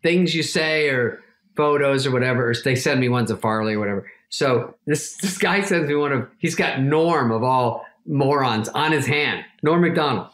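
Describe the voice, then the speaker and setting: A man's voice: mid-range voice, normal speed, a bit bright. Dry, wry male comic in a roomy space. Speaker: comedian guest. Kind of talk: wry anecdote telling.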